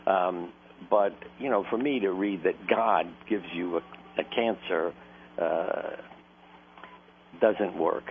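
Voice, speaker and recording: Deep-voiced man on a phone line. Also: takes it slowly, long pauses. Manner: anecdotal, earnest, laughs while telling stories. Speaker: doctor, interview guest. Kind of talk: conversational storytelling. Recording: tinny phone-line sound with faint noise.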